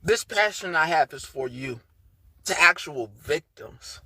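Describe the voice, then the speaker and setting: A woman hosting a livestream in a furious, profane rant. Her pitch leaps from low mutters up to sharp, shouted peaks. Her voice is bright and edgy, and she takes her time between the blows. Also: expressive, measured pace, husky. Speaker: livestream host.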